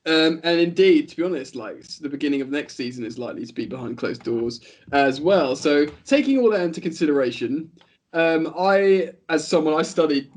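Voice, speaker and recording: Guest with a fairly high voice on a call: chatty, rambling, full of "like" and "you know". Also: male voice, a little fast. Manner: rambling, animated, many fillers. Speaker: podcast guest. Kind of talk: casual online football chat.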